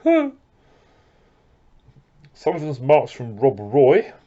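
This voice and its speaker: A man's voice: mid-range voice, huge pitch swings, slow pace. A man rambles through his record haul in a casual chat, circling back with fillers and restarted phrases. His voice sits in a middle register. The recording is dull and lo-fi. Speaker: record collector vlogger.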